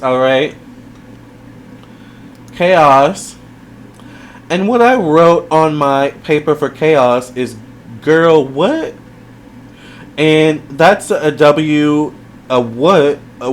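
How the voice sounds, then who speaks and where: A man's voice: medium pitch, slow pace, a little hiss or hum. A man giving a casual video review, chatty and rambling, with lots of fillers and side remarks. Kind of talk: casual commentary.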